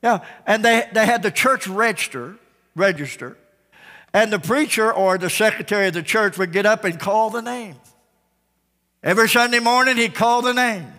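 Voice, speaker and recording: A male pastor preaching an altar call, swinging between loud calls and soft pleading. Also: sits high, moderate pace. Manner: calls out names loudly, then drops to soft pleading. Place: large church sanctuary. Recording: church broadcast with long reverb.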